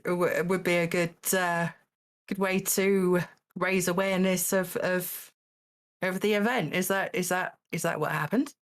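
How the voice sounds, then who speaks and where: A woman hosting a charity live stream in casual banter, often halting and repeating words as she thinks. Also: lowish voice, fairly even intonation. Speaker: host of a charity stream event.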